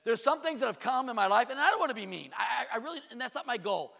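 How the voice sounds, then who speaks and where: A middle-aged male pastor preaching with a lively, swooping high voice that turns gravelly in places. He throws out rhetorical questions and quick asides, then drops low for emphasis. The sound carries the long reverb of a church hall. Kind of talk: sermon. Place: church sanctuary.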